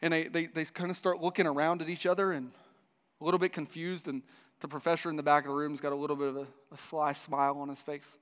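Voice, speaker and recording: Speaking fast in a smooth, fairly bright voice that's a little high and level in tone, a male pastor preaches to a church. His story comes with frequent restarts and voiced dialogue, all heard through long hall reverb.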